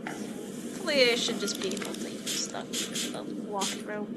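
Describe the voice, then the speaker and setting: A woman giving casual, chatty commentary while she plays a game, with a steady hiss behind her voice. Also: medium pitch, moderate pace. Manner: chatty, offhand. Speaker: gamer.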